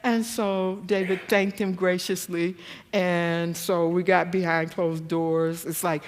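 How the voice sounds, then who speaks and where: A woman giving a church seminar talk, telling stories animatedly and jumping to a high voice when she acts out quotes. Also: flat delivery, slow pace, in a large hall. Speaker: guest speaker. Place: church hall.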